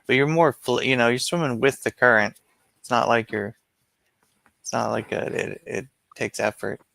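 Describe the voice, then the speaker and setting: A man's voice: mid-range voice, moderate pace, creaky, pushed and bright, dry recording. A young man in casual chat, telling long profane stories in a rambling way.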